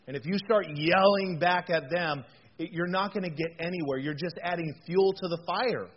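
A man preaching a conversational sermon in a chatty, animated way, with frequent fillers and rhetorical questions. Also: sits high, normal speed, slightly rough. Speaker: pastor. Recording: dull lo-fi sound with faint noise.

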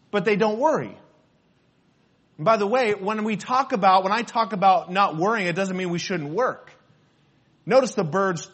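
A man's voice: sits high, breathy edge. A pastor preaching a sermon, earnest and repetitive, quoting scripture between his own points. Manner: earnest preaching, repeats phrases, quotes scripture.

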